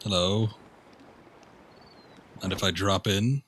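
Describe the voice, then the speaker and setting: A man's voice: sits low, steady tone, slow, a bit bright, slight background noise. A man streaming a video game, talking casually and joking at himself as he plays. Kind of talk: casual gameplay commentary.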